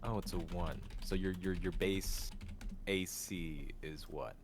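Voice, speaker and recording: A man's voice: low-pitched, a little slow, slight background noise. A man playing a tabletop game who asks wry questions of the others. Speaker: player.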